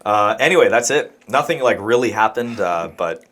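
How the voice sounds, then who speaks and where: A man's voice: lowish voice, expressive, normal speed, a bit bright, a little hiss or hum. A man co-hosting a podcast, telling a rambling story in casual chat and laughing as he goes. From Montreal. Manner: rambling anecdotal, laughs mid-sentence. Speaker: podcast co-host.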